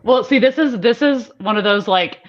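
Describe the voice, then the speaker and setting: A woman's voice: on the high side, normal speed, muffled recording. A woman co-host chatting casually, telling rambling stories full of fillers. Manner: rambling storyteller, many fillers. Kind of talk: casual chat.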